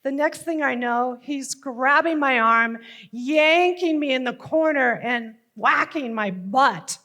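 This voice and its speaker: A middle-aged woman telling a personal story on stage, slow and deliberate with emotional emphasis. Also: high-pitched, lively intonation, sharp tone.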